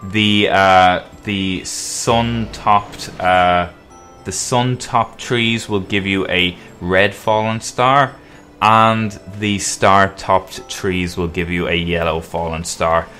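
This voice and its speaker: A man hosting a game guide video, explaining relaxed and casually as he plays. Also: deep voice, takes it slowly, faint music behind. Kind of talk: casual gameplay walkthrough commentary.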